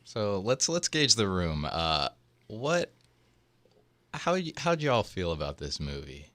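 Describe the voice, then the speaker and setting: A man's voice: fairly low pitch, very animated, slow pace, a bit bright, no room sound. A man hosting a casual movie-review podcast, loose and joking. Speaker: podcast host.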